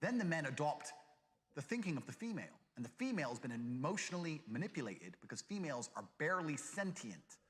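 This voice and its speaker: A brash man rants at the listener in a high, bright, swooping voice, profane and mocking as he lectures. His recording comes from a played video clip in a reverberant space, with a long echo and faint noise underneath. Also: very animated, fast talker. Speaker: online personality in a played video. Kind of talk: ranting monologue.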